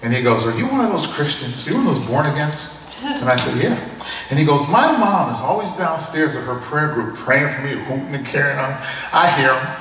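A man's voice: mid-range voice, lively intonation, brisk, a bit bright, slight background noise. A man in his sixties preaching a sermon, telling personal stories in a conversational way and often chuckling. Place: church hall. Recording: echoey hall from a distant mic.

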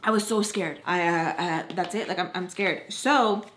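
A young woman in her twenties telling a casual storytime vlog at home, animated, filling every phrase with "like" and acting out what people said. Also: fairly low pitch, moderate pace, a little hiss or hum. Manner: animated, fillers "like" constantly, acts out quoted lines. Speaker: vlogger.

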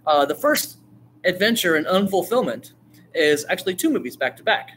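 A man teaching a class on storytelling, talking in a lively way, asking the class questions and acting out lines. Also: high-pitched, moderate pace, slight background noise. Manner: animated, asks the class questions, acts out quotes. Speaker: writing teacher.

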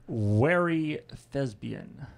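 Male panelist, middle pitch, slow and calm, reads card names. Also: vocal fry. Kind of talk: casual panel chat.

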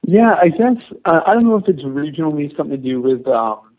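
A man's voice: on the high side, big pitch swings, brisk. Man from Canada, musician guest, casual rambling answers, dull lo-fi line. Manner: rambling, with many fillers and restarts.

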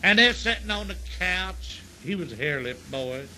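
A man's voice: high voice, lively intonation, normal speed, sharp tone, a little hiss or hum, rough recording. A tipsy man telling crude jokes in a rambling, profane way, often repeating himself. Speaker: stand-up comedian.

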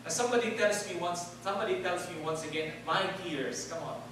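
Heard from far off in an echoey church hall, this preacher speaks briskly in a high, somewhat bright register over faint background noise. His sermon relies on call-and-response, prompting the congregation to answer and echo his words.

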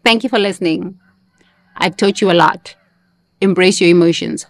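A woman's voice: on the low side, moderate pace, dry recording. A woman hosting a motivational self-help monologue, emphatic, repeating key phrases and sometimes breaking into playful sing-song chants. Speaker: host.

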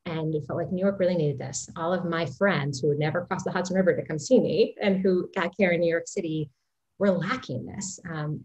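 A woman fertility doctor, a guest on an interview show, telling her story in an animated way with frequent laughs. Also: low-pitched, poor audio.

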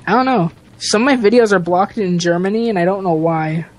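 A man's voice: sits high, fairly quick. Playful young man squealing over games. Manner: playful, crude jokes, squeals when excited. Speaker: gaming video host. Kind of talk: casual gameplay commentary.

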